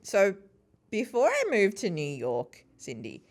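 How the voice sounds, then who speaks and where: Animated woman telling stories. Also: medium pitch, measured pace. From Sri Lankan family. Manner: animated, acts out quoted voices, laughs often. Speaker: podcast host and interview guest. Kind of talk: casual conversational storytelling.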